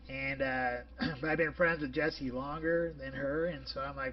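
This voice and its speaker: A man in his forties rambles on a casual podcast, stalling and restarting his sentences. His voice is slightly higher than average and sits a bit back from a dull, lo-fi microphone. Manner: rambling, halting, many fillers and restarts. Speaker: podcast co-host. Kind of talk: casual chat. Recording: distant lo-fi podcast audio.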